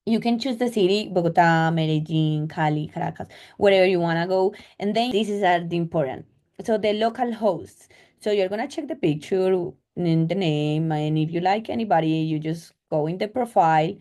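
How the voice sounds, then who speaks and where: A young woman with a Colombian accent talks through her travel stories in a loose, chatty way. Her voice is mellow and soft-edged. She leans on filler words and acts out the conversations. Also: on the low side, moderate pace. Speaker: travel vlogger. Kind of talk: casual storytelling.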